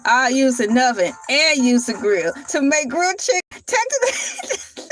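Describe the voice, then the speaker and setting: Sassy high-voiced woman reacting. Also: normal speed, a little hiss or hum. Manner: sassy, animated, teasing with exaggerated questions. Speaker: podcast reaction commentator. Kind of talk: casual reaction commentary.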